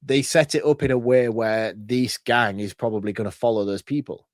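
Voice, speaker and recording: A middle-aged British man, co-hosting a podcast, chatting casually and thinking his points through out loud. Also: mid-range voice, steady tone, moderate pace, no echo, clean studio sound. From Britain. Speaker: podcast co-host. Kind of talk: casual chat.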